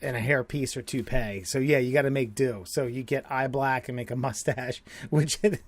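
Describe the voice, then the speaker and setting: A man's voice: medium pitch, fairly even intonation, normal speed, no room sound. A man co-hosting a podcast, rambling with many restarts and laughing often in casual chat. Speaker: podcast co-host.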